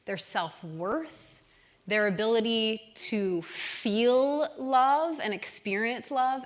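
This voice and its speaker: A woman's voice: fairly high pitch, fairly bright tone. Earnest woman giving a church talk. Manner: earnest, guiding listeners through an imagined scene. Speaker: church workshop speaker. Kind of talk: church talk to a live audience. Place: church hall with an audience.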